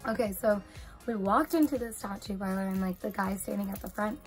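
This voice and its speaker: A woman's voice: medium pitch, fairly quick, soft background music. A young woman vlogger chatting casually through a storytime, retelling a day out with lots of "like" fillers and quoted voices.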